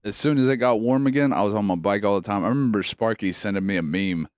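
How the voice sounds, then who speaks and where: A man's voice: on the low side, fast talker, clear, resonant tone, no echo, clean studio sound. A man co-hosting a podcast, telling long profane stories in casual chat. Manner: profane, animated storytelling. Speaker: podcast co-host.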